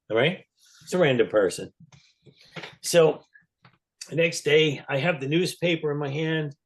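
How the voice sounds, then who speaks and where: A man tells a story as a podcast guest. He is animated and jumps into loud acted quotes. His voice sits in an ordinary middle pitch.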